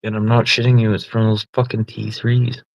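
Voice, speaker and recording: A low-voiced man chatting casually on a livestream. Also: little pitch movement, a little fast, vocal fry, no room sound, dull audio. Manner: swearing, laughing often, teasing. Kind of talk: casual live-stream chat.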